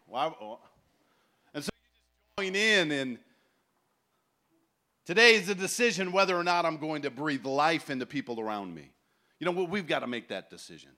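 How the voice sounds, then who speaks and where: A man in his forties preaching a sermon at a festival, telling stories with animated acted-out voices. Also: a little high, moderate pace, pauses often. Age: 40s. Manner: animated storytelling, acts out voices. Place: large tent festival gathering.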